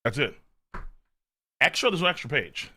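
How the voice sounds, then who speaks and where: A man reacting live to a manga chapter on stream, excitable and profane, reading lines aloud and shouting at big moments. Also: a little high, moderate pace, slightly rough, dry recording, clean studio sound.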